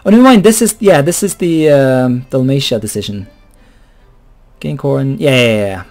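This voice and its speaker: A man's voice: medium pitch, measured pace, darkish tone, soft background music. A man giving casual, rambling commentary over a strategy game, chuckling and swearing offhandedly. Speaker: let's play host.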